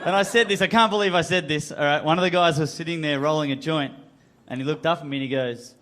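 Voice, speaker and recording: A man with an Australian accent doing a stand-up routine, telling a sheepish story and yelling at himself along the way. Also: a little high, fast talker. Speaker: stand-up comedian.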